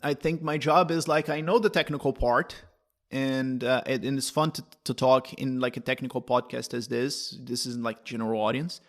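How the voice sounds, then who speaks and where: A man's voice: mid-range voice, fairly even intonation, moderate pace. Brazilian man rambling in casual talk. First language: Portuguese. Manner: rambling, self-interrupting, restarts phrases, laughs often. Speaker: guest, libertarian commentator. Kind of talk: casual conversational interview.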